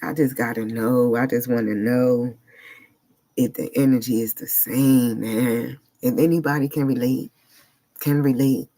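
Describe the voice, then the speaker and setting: A man's voice: mid-range voice, steady tone, mellow. Earnest man musing in a vlog. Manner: earnest, searching, talks in short halting phrases. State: emotionally unsettled. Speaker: vlogger. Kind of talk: personal reflective vlog monologue.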